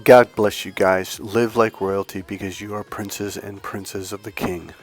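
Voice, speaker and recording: A man's voice: on the low side, a little slow. Emphatic preachy man. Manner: animated, acts out other people's lines in the story. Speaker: dating and healing coach. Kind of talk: motivational talk with a retold story. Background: faint music.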